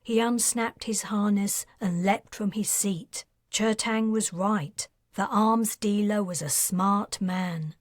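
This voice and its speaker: A woman narrating her own science fiction audiobook in a calm, steady storytelling manner. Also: mid-range voice, slow, hardly any pauses, dry recording, studio quality. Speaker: author and narrator.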